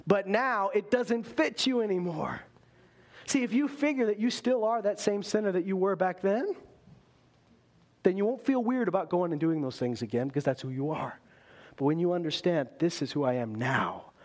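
A man preaching a sermon, swinging between loud emphasis and quiet intensity. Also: high voice, moderate pace.

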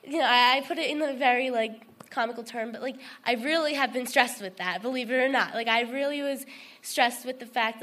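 A woman's voice: a little high, a bit bright. A woman giving a heartfelt personal testimony to a group, rambling with lots of fillers and restarts. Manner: earnest and emotional. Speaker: testimony speaker.

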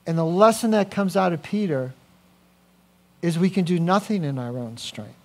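Animated male pastor preaching. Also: sits high, moderate pace. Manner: animated, swings from quiet to loud, personal asides. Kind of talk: sermon.

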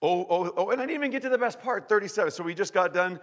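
A fairly high-voiced man preaching with energy, jumping from shouts to hushed asides and tripping over repeated words. His voice rings out with a long reverb through a large sanctuary. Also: fast talker, hardly any pauses. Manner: animated, emphatic preaching with sudden shouts and drops to near-whisper; repeats and restarts words often. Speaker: pastor. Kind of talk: sermon.

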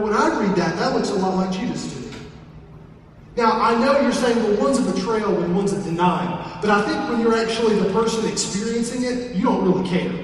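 A man's voice: high voice, a little hiss or hum. A man from southern West Virginia with an Appalachian accent, preaching a sermon in a folksy way with joking asides. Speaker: pastor. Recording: echoey hall, from far off.

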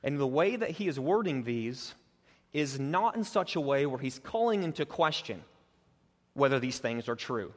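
A man preaching a sermon as pastor. He speaks earnestly and builds emphasis, rising in pitch and force as he presses each point. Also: lively intonation, moderate pace. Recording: long reverb of a large hall.

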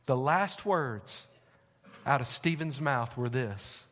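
A male pastor, preaching a sermon in a church with animated, conversational asides. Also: mid-range voice, slow. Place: church sanctuary. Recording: long hall reverb.

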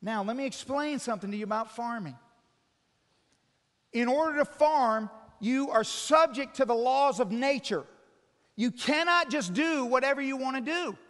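A man's voice: very high-pitched, moderate pace, a bit bright, long reverb tail. A man preaching a sermon, earnestly explaining with illustrations and putting direct questions to his listeners.

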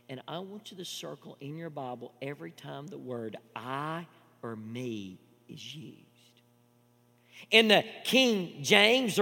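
A man with a high, gravelly voice preaches a sermon in a reverberant church hall, with a low mains hum underneath. He repeats himself for emphasis, swells into loud declarations, then drops to near-whispered asides. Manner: emphatic preaching with repetitions, swinging from loud to hushed. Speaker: pastor.

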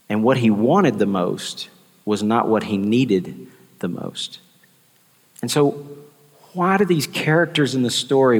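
Male preacher, mid-pitched voice, repeats each point for weight, reverberant church hall. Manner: repeats key lines, voices the people in the story. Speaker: pastor. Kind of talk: sermon.

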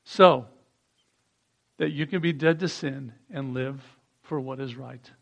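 A man's voice: mid-range voice, slow pace, vocal fry. A man preaching a sermon, reading scripture aloud and asking the congregation to repeat lines after him. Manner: reads passages aloud and leads call-and-response.

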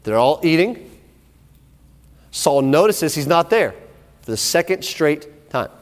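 A man preaching a sermon in animated storytelling style, often repeating words, in an echoey hall. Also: on the high side, slow.

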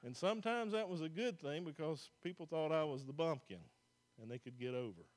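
Male pastor, folksy sermon delivery, higher-pitched voice. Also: lively intonation, a little fast. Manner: folksy, plain-spoken preaching with restarts.

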